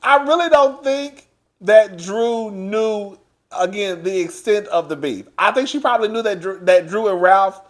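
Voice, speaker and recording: A man giving a casual recap of a reality show, loud and animated, laughing often and chatting straight to his listeners. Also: high voice, a little slow. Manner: chatty, addresses listeners as girl. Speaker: TV show reviewer.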